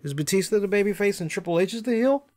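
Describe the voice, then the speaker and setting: Man, podcast host, casual wrestling rant, profane, mocking impressions, slightly high voice. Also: expressive, fast, a little mellow.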